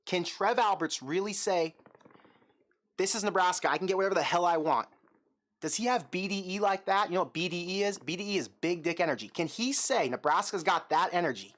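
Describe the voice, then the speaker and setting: A man hosting a sports show, ranting in a casual, excitable and rambling way, often mocking himself. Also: high-pitched. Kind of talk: casual sports talk rant.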